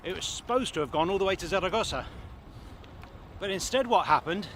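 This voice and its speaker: A man's voice: high voice, lively intonation, fairly quick, a bit bright, slight background noise. Chatty man narrating while cycling outdoors. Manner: chatty, enthusiastic, thinking aloud with fillers. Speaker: cycling vlogger. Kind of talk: casual narration while riding. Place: outdoors on a bike, roads and a greenway with tunnels. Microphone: action camera on the bike.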